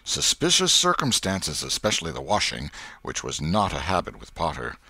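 A man with a very low voice narrates a classic novel, his pitch swinging widely as he dramatizes the scene. The reading is expressive and storybook-like. The recording is dry and close with no room sound. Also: fairly quick, slightly rough, no room sound. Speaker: audiobook narrator.

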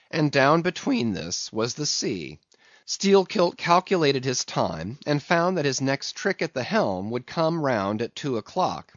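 Lively, dramatic male audiobook narrator. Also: medium pitch, no room sound. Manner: dramatic, storytelling. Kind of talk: scripted classic novel narration. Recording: dull, dry recording.

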